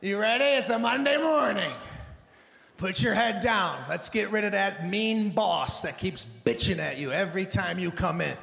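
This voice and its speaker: A man putting on an overly cheerful male spin instructor with peppy motivational shouting. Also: sits high, normal speed, vocal fry. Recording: live stage with long reverb.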